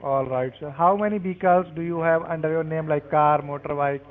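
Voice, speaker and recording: A man's voice: on the high side, fairly even intonation, fairly quick. Curt man on a tinny phone line. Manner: curt, pushy, broken phrasing. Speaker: scam caller. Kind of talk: scripted phone scam.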